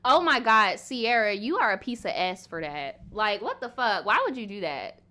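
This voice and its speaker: A young woman in her twenties chatting on a live Q&A stream. She talks frankly and loosely, with plenty of "like"s, and swears casually. Her pitch sits mid-range for a woman. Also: sing-song, normal speed, bright, forceful tone. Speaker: livestream host.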